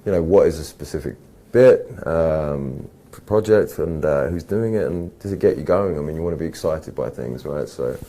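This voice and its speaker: A man with an English accent, an actor answering interview questions in a slow, measured, dry and teasing way. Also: a bass voice, mellow.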